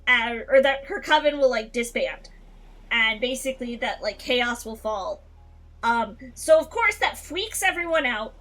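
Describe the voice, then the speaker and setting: A woman streamer casually chatting through a game, animated, swearing often and laughing between lines. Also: a little high, unhurried.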